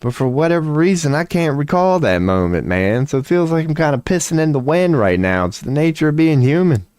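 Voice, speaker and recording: A man's voice: a little high, lively intonation, brisk, a little mellow, no room sound. A man, rambling casually on a stream at home, profane and self-mocking. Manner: profane, laid-back, self-mocking with frequent laughs.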